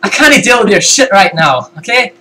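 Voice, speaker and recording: A man's voice: high voice, very animated, moderate pace, pushed and bright, pitched above the performer's own voice, full character voice. A young British man putting on a Scottish accent to play a brash man spoiling for a fight. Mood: belligerent. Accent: put-on Scottish. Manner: swaggering, threatening.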